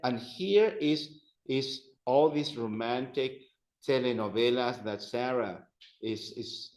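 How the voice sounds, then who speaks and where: A man's voice: mid-range voice, slow, a little mellow, echoey room, low-quality recording. A man teaching a language class, patiently repeating phrases for his students to drill. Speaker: Spanish teacher.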